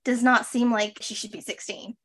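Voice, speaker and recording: A woman's voice: a little high, steady tone, normal speed, fairly bright tone. A young adult woman co-hosting a podcast in a casual chat, talking loosely with lots of fillers and restarts. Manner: chatty, trails off and restarts, lots of "like". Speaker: podcast co-host.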